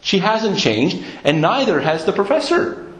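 A man's voice: sits high, big pitch swings, a little slow, a bit bright, echoey room, rough recording. A man preaching a sermon in an earnest tone, often stumbling and repeating words as he searches for the next one.

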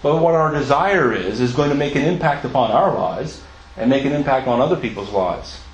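A man's voice: medium pitch, expressive, fairly quick, roomy sound, poor audio. A man preaching a sermon in an earnest, emphatic way, asking his listeners questions and sometimes stumbling over and repeating words.

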